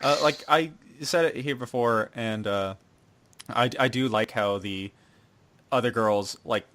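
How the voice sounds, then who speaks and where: A male podcast host recaps anime episodes in a casual, animated way. His voice sits at a middling pitch for a man. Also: a little slow. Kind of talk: casual chat.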